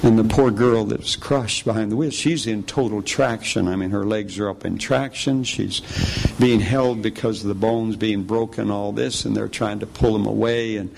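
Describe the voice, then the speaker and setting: A man preacher telling a personal testimony in a sermon, animated storytelling that slips into the voices of the people in his story. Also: moderate pace, gravelly, a little hiss or hum. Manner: storytelling, acts out quoted voices with pitch jumps.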